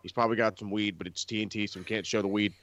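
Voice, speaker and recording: A man's voice: fairly low pitch, steady tone, racing, fairly bright tone, highs cut off. A man on a wrestling podcast, ranting in a casual, profane way and mimicking people he mocks. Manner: profane, ranting, quotes people in mocking voices. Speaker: podcast co-host. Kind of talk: casual chat.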